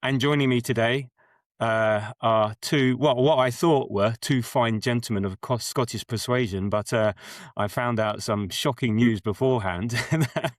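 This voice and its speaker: A man's voice: mid-range voice, measured pace, no room sound, clean studio sound. A man hosting a podcast in casual chat, jokey and rambling, laughing often. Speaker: podcast host.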